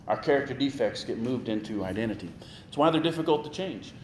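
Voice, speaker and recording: Male pastor, mid-pitched, animated sermon delivery with repetition; echoey sanctuary recording with faint background noise. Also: fast talker. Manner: animated preaching with rising emphasis and repetition.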